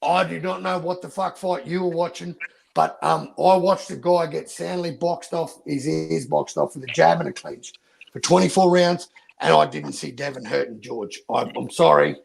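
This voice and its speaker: A man's voice: a little high, gravelly, low-quality recording. An Australian man, a boxing YouTuber, arguing passionately in casual debate and swearing a lot.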